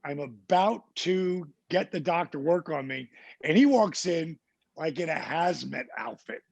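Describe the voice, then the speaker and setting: A man from New Jersey, a podcast guest, telling a casual story in an animated way and acting out the people he quotes. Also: fairly high pitch, a little slow, gravelly, no room sound. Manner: animated anecdote teller who acts out the people he quotes.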